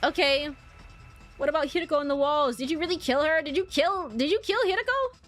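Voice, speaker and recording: A woman's voice: high voice, brisk. A young adult woman streaming a game, chatting casually, swearing and reacting to the story. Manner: animated, swears and laughs often. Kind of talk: casual let's-play commentary. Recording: faint game music behind.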